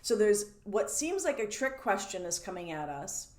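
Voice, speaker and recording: A woman teaching as a coach in a lively, animated way, laughing between points and acting out the questions people ask. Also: medium pitch, normal speed. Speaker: codependency coach. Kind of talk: teaching monologue. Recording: roomy echo.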